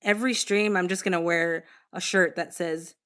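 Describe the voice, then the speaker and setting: A woman's voice: lowish voice, steady tone, normal speed, fairly bright tone, clear, resonant tone. Chatty woman streamer reading chat. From Boston, United States. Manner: chatty, candid, reacts to chat messages, casual swearing. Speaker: livestream host. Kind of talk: casual livestream chat, reading comments aloud.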